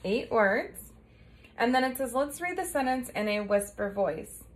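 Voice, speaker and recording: A woman's voice: on the high side, expressive, measured pace. A woman teacher giving a recorded lesson to young children, patient and encouraging, often checking in with a "right?".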